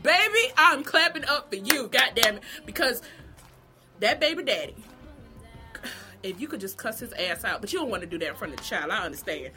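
A woman vlogger delivering an animated, profane comedic gossip rant straight to her viewers. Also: fairly high pitch, brisk, faint music behind.

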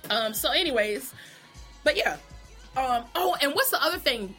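A woman's voice: high voice, animated, normal speed, long pauses, pushed and bright, faint music behind. A woman vlogger giving a blunt, profane, sassy opinion monologue about a TV show, laughing often.

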